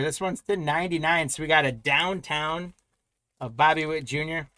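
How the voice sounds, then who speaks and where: A man's voice: a little high, normal speed, pushed and bright, dry recording, studio quality. Upbeat man hosting a card break. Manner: upbeat, chatty, congratulates buyers by name. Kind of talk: live card break commentary.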